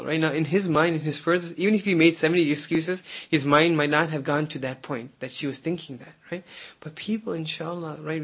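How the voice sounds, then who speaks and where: Fast-talking husky man preaching. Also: on the high side. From United States. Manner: conversational, keeps asking "right?". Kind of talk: sermon.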